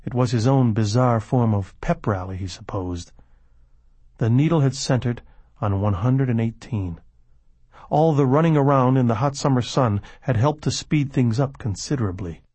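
A man narrating a novel in a measured storytelling manner. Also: mid-range voice, warm tone, husky, no room sound. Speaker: audiobook narrator. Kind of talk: scripted narration.

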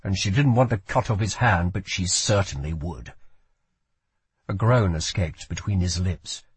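Husky, slow male audiobook narrator. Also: low voice, no room sound. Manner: measured, dramatic reading.

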